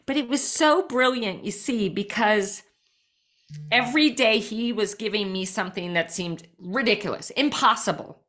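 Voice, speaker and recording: A woman guest on a podcast, telling a personal story with lively energy and lots of "like" fillers. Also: medium pitch, a little slow. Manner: frequent "like" fillers, lively retelling.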